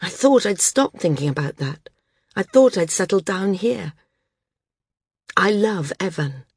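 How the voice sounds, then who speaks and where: A woman's voice: on the low side, animated, unhurried, breathy edge, no room sound, clean studio sound, full character voice. A woman reading the part of a grieving woman flyer who can no longer fly, in an audiobook. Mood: bitter. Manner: anguished, pleading to be left alone.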